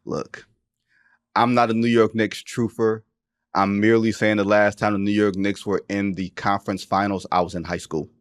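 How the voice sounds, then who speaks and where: Male podcast host, thirties, lowish voice, joking and emphatic. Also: moderate pace, no room sound, clean studio sound. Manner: animated, joking, emphatic slang. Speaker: podcast host, NBA reporter. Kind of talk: casual sports talk.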